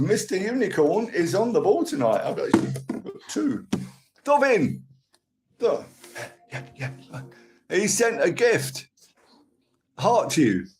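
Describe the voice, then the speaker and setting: A man's voice: a little high, background noise. An older man from London with a Cockney accent, chatting casually and rambling as he reads viewers' messages and thanks them for gifts on a live stream.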